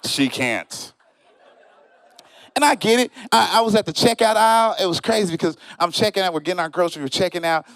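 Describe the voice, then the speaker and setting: A male stand-up comedian tells stories on a comedy stage, switching into different voices for his friends and for strangers. His voice sits somewhat high and moves all over the place. The sound is close and dry. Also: vocal fry, no echo. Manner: animated storytelling, acts out friends and strangers in quoted voices. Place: comedy show stage, live audience.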